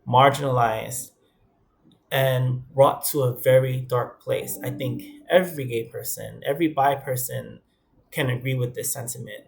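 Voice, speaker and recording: A gravelly-voiced young man from the Bronx, New York, speaks candidly and personally to camera as a vlogger. His medium-pitched delivery is earnest and conversational, and he quotes other people in dialogue.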